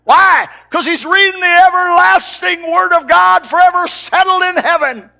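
Older male preacher, high and raspy, loud bursts dropping to near-murmurs. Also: normal speed. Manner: swings from shouting to soft and low. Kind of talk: sermon.

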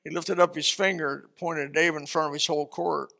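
High gravelly male preacher. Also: brisk, few pauses. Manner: animated, conversational storytelling. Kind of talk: sermon.

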